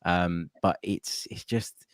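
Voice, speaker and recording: A man's voice: sits low, fairly even intonation, slow pace, dry recording, clean studio sound. A young man on a football podcast, talking earnestly and tripping over his words. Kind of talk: casual chat on a football podcast.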